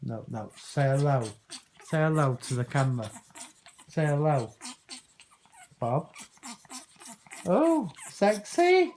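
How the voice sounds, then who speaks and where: A woman's voice: very deep voice, measured pace, long pauses, darkish tone, a little hiss or hum, poor audio. A woman talking casually to her pet parrot, coaxing and teasing it with playful swearing. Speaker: parrot owner.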